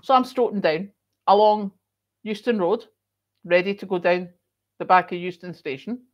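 A middle-aged woman with a Scottish accent, hosting a casual chat and telling stories in an expressive way, with emphatic repeats. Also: medium pitch, normal speed, dull audio. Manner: chatty and expressive, with emphatic repetition. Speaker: host.

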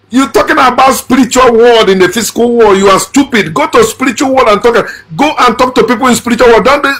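Man, husky voice, fairly high pitch, blunt lecturing monologue, swings loud to quiet. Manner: swings between shouting and quiet. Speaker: channel host.

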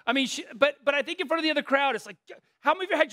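A man's voice: extremely high pitch, rapid-fire, sharp tone, no room sound, studio quality. A middle-aged man preaching a conversational sermon, earnest but breaking into joking asides and self-deprecating stories. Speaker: pastor.

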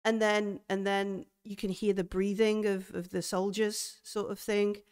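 A woman game master describing a horror scene in a tabletop game, halting as she goes. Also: medium pitch, flat delivery, a little mellow, smooth. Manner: halting, full of fillers and restarts.

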